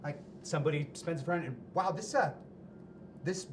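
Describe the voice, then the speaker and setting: A man's voice: a little high, normal speed. A man running a tabletop game as game master, describing scenes with lots of fillers and hesitations. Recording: noisy room.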